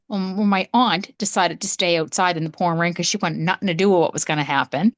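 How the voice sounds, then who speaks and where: A woman with a Canadian accent, telling a campfire story in casual, animated chat as a podcast co-host. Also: lowish voice, a little fast, few pauses, dry recording.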